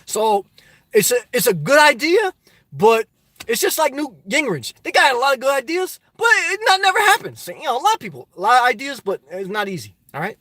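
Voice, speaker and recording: A man with a New Jersey accent hosting a casual livestream, answering chat with animated rhetorical questions that swing from loud to soft. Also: very high voice, fairly quick, no echo. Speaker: livestream host reading chat. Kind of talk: casual live chat monologue.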